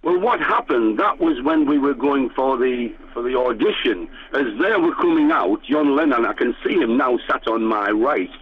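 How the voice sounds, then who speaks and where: A man's voice: medium pitch, expressive, normal speed, few pauses. An older man from England, a former band musician, reminiscing in a radio interview, rambling with many fillers and restarts. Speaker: guest musician. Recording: tinny phone-line radio sound.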